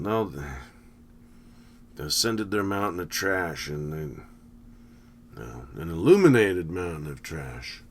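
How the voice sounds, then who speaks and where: A man's voice: low voice, big pitch swings, takes it slowly, long pauses, a little hiss or hum. A man talking casually over a film, rambling with wry, sarcastic asides. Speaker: movie commentator. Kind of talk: casual running movie commentary.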